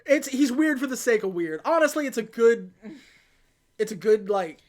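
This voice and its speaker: A woman hosting a podcast, casually retelling a film plot and quickly acting out the characters' lines. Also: a little high. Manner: animated retelling with quick put-on quotes. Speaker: podcast host. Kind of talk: casual movie recap chat.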